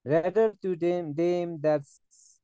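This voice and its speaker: Slow, mellow man reading scripture. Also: sits high, steady tone, clear, resonant tone, dry recording. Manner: slow, careful reading with occasional stumbles. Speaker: scripture reader.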